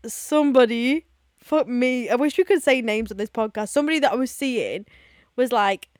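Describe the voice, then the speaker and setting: A woman's voice: a little high, normal speed, dry recording, clean studio sound. A woman in her twenties co-hosting a podcast, chatty and giggly, telling stories with lots of animation. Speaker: podcast co-host. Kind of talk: casual chat.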